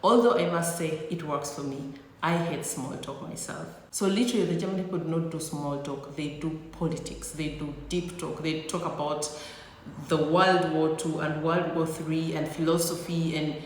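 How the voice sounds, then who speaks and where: A woman's voice: sits low, fairly even intonation, moderate pace, a little mellow, slight background noise. Sassy woman vlogger in an echoey room. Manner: sassy, teasing, playful exaggeration. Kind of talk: comedic talk to camera. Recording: echoey room with long reverb.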